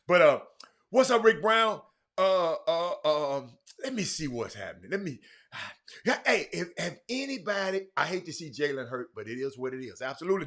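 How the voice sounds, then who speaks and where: Hosting a laid-back live-streamed sports talk show, this man speaks at a moderate pace in a voice that sits on the high side and swings widely in pitch. His chatter is loose, he greets viewers by name, and he often starts over mid-thought.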